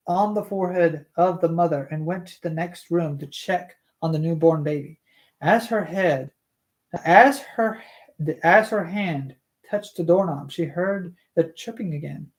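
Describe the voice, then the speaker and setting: Slow, stumbling live-stream book reader. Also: medium pitch. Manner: stumbles over hard words and self-corrects aloud. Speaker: streamer reading a novel aloud. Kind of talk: live-stream book reading with chatty asides.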